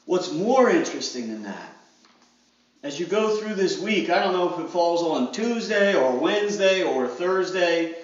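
High-voiced preacher man in an echoey hall. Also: expressive, a little slow. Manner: preaching with dramatic voiced crowd quotes. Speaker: pastor. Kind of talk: sermon. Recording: echoey hall, distant mic, dull sound.

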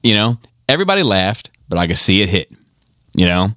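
A man with a low, lively voice rambles through a profane anecdote on a podcast. His delivery is loose and animated, with plenty of ums and you-knows. The sound is close and dry. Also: fairly quick, no room sound. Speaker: podcast co-host. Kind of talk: casual chat.

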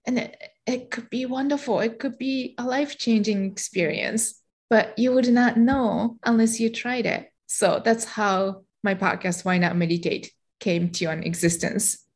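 A woman's voice: a little high, fairly even intonation, unhurried. A middle-aged woman with a Japanese accent, speaking English as her second language. She is a guest in an interview and tells her story in a reflective way, with frequent fillers and light laughter. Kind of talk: interview conversation.

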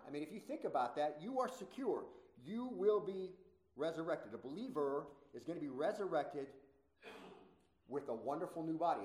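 A man's voice: on the high side, a little mellow, roomy sound, low-quality recording. A male pastor preaching a sermon in a conversational way, with many rhetorical questions.

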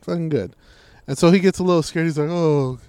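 A man with a fairly high-pitched voice talks fast, with no room sound. He tells a story in casual conversation, swearing freely and acting out what people said in an animated, profane way.

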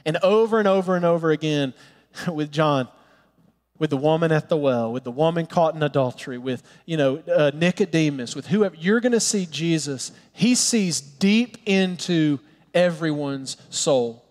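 A man preaching a sermon in an earnest, pleading way, sometimes dropping to soft, tender tones. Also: on the high side, brisk, big-room sound. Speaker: pastor.

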